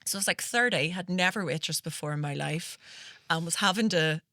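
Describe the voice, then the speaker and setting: A woman in her thirties or older hosts a comedy podcast, spinning a rambling story with a bright, slightly low voice. She laughs easily as she talks. The sound is close and dry. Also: a little fast, no room sound. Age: 30s or older. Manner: chatty, laughs often while telling a story. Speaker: podcast host.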